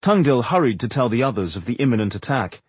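A man narrating a fantasy audiobook in a measured, expressive storytelling manner. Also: mid-range voice, slightly rough, dry recording. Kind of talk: scripted narration.

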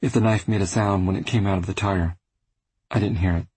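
Husky, low-voiced male audiobook narrator. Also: steady tone, brisk, darkish tone, no echo, poor audio. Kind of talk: first-person literary narration.

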